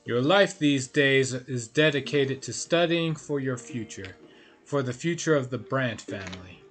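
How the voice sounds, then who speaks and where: A man's voice: medium pitch, expressive, unhurried, fairly bright tone, soft background music. A man streaming a story game, reading the narration aloud with offhand asides.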